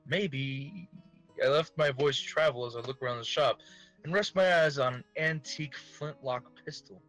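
A man's voice: a little high, normal speed, a bit bright, soft background music, low-quality recording. A man hosting a let's play, reading visual novel narration aloud in a casual, giggly way with joking asides.

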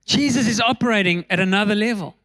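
A man, a pastor telling a story in a sermon, animated and laughing between lines. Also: quick pace. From South Africa. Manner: animated, laughs between lines, drops voice low for tense moments.

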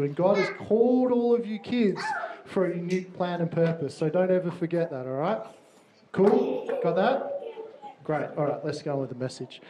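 Upbeat kids' minister, man, slightly high voice, roomy church hall with faint noise. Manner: upbeat, checks in with frequent "yeah?". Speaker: children's minister. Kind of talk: church talk to parents and children.

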